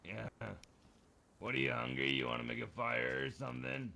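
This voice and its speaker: A man with a heavy gravelly rasp and a bright, forward tone banters with other players during a game. He teases and swears freely in a loose, easygoing way. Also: medium pitch, level tone, normal speed, slight background noise. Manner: joking, teasing, swears freely. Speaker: streamer. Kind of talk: casual game voice chat.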